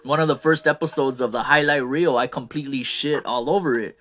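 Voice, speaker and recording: A man's voice: mid-range voice, a little fast, a bit bright. A man hosting a casual wrestling commentary show, ranting with fired-up opinions and trailing off on the ends of phrases.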